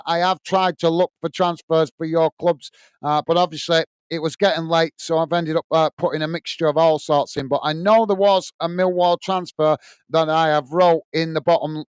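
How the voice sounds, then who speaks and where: A man's voice: a little high, smooth, no echo. A British man hosting a casual football fan livestream, chatting with viewers and reading their comments, with lots of fillers and restarts. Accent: British English. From United Kingdom.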